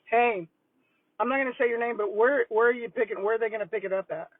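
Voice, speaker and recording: Chatting away over lunch on a casual livestream, a retired school principal vlogger speaks quickly in a fairly high voice, rambling as she eats. The older woman's audio is tinny and phone-like, thin and dry with no room sound.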